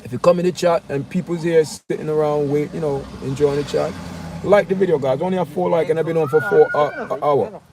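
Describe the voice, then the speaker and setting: A man chatting casually with his livestream viewers, animated and talking straight to the chat, outdoors on a windy street. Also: fairly high pitch, fairly quick. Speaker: livestream host. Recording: faint outdoor street noise.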